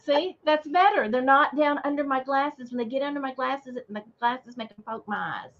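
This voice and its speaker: A woman's voice: high-pitched, normal speed, a bit bright. A woman chatting and teasing on a casual live stream, sometimes tripping over her words. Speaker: co-host of a vintage-selling chat stream. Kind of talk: casual chat. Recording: muffled lo-fi stream audio.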